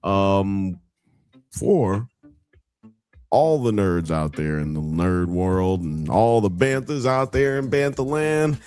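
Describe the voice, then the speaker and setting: A man's voice: deep voice, slow, darkish tone, clear, resonant tone, soft background music. A man hosting a live podcast in casual chat, joking and laughing often. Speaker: podcast host.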